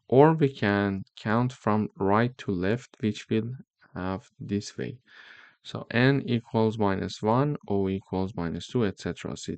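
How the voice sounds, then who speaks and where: Man, coding tutorial, slow careful explaining, low voice, clear dry close mic. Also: a little mellow, dry recording. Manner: slow, step-by-step explaining with repeated "okay?" checks. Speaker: programming teacher. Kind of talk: screen-recorded coding tutorial.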